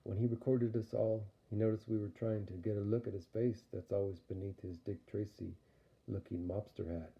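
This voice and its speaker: A man's voice: fairly low pitch, flat delivery, normal speed, gravelly. A man narrating an audio story in a rambling, playful way. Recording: dull lo-fi recording.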